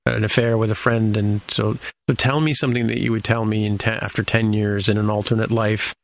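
A man's voice: lowish voice, level tone, a little fast. A man casually recapping a TV episode as a podcast co-host, rambling with many fillers and restarts.

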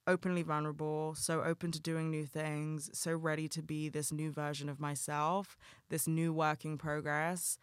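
A man's voice: on the high side, fairly bright tone, clear, resonant tone, no echo, studio quality. A man hosting a solo podcast, speaking candidly and earnestly and swearing freely in casual talk. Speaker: podcast host.

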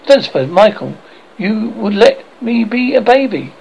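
A man's voice: sits high, big pitch swings, normal speed, creaky, darkish tone, husky, pitched above the performer's own voice, heavily acted, low-quality recording. A man doing a timid, plaintive boy. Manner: hesitant, plaintive.

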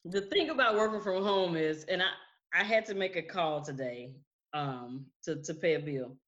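A woman's voice: lowish voice, moderate pace, a bit bright. A woman co-hosting a podcast, chatting casually and laughing often as she tells stories with quoted voices. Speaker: podcast co-host. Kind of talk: casual chat. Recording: slightly dull lo-fi sound.

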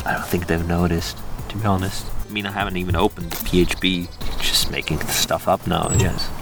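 A man's voice: low-pitched, level tone, a little fast, gravelly, few pauses. A man rambling to himself outdoors in a dry, offhand way. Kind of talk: rambling solo aside. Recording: music playing behind.

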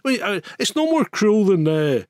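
A man's voice: high voice, big pitch swings, normal speed, a loud crowd. A man ranting animatedly in a casual chat over a video call, swearing freely. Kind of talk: casual chat on a live stream.

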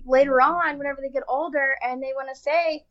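A woman's voice: high-pitched, fairly even intonation, a little fast, lo-fi sound. A woman in casual conversation, making an earnest point with long lists of examples. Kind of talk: casual chat.

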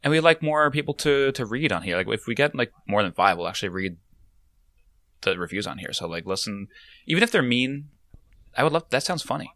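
A man co-hosting a casual podcast, upbeat and quick to laugh. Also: mid-range voice, animated, a bit bright, dry recording. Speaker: podcast co-host.

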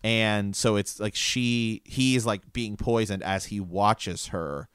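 A man with a very low, smooth and resonant voice talks casually about a book. He breaks into reading passages aloud with animated energy. The recording is close and dry. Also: slow, dry recording. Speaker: podcast co-host discussing a book.

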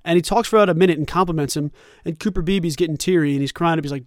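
A man's voice: a little high, rapid-fire, no echo. A young man hosting a sports talk show, rambling through casual commentary with lots of asides. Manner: animated, rambling, conversational with many asides. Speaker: sports podcast host.

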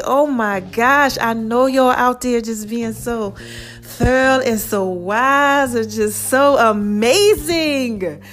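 A woman hosting a podcast, giving a lively, preachy motivational talk, calling her listeners baby and y'all. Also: sits high, a little hiss or hum. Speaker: podcast host.

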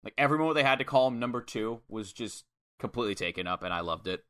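A man's voice: medium pitch, expressive, quick pace, fairly bright tone. A young man co-hosting a podcast, recapping a wrestling match play by play in casual chat and swearing freely. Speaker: podcast co-host.

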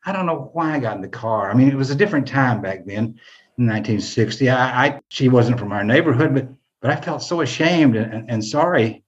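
Older man telling a personal story, halting. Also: medium pitch, muffled recording. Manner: halting, repeats words when moved.

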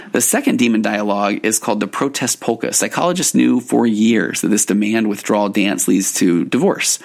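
Low, gravelly-voiced male therapist. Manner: relaxed, repeats words as he acts out spouses' lines. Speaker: couples therapist. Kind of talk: explaining podcast talk.

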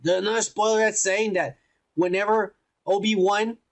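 Podcast co-host, male, high gravelly voice, rambling crude banter with endless "yeah"s. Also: steady tone, normal speed. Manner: rambling, crude, teasing, lots of filler yeahs. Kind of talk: casual profane nerd chat.

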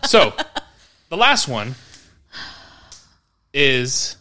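A man's voice: mid-range voice, sing-song, very slow, bright, forceful tone. A man in his thirties, co-hosting a podcast, telling stories in casual chat and acting out his own past reactions. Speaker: podcast co-host.

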